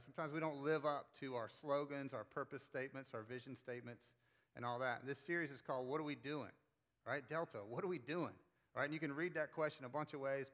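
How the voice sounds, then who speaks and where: A man's voice: medium pitch, bright, forceful tone. A man who is a pastor, giving a casual, playful sermon to his congregation and leading them in call-and-response. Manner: conversational, playful, leads crowd call-and-response. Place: church auditorium with congregation.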